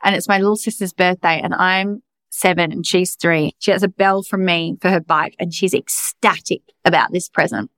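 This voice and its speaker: A woman's voice: fairly low pitch, steady tone, moderate pace, a bit bright, no room sound. A young adult woman hosting a podcast, talking in a raw, emphatic, confessional way and swearing freely. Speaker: podcast host. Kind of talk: candid personal monologue.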